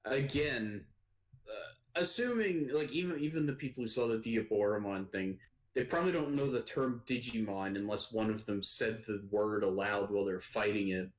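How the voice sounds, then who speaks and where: Man, lowish voice, podcast co-host, laid-back, hesitant, casual anime talk. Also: moderate pace.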